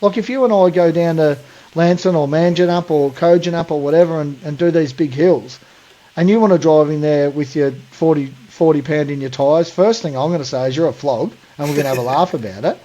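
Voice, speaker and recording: An Australian man co-hosts a podcast, ranting bluntly in casual chat and calling people "mate" a lot. His voice is fairly high and mellow, his pace brisk, and the recording has a lo-fi sound.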